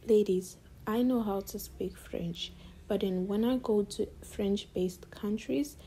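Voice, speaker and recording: A woman giving casual, direct advice to other women in a vlog, often calling out to them and slipping into breathy half-whispers. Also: medium pitch, takes it slowly, dark tone, a little hiss or hum. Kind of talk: casual advice monologue to camera.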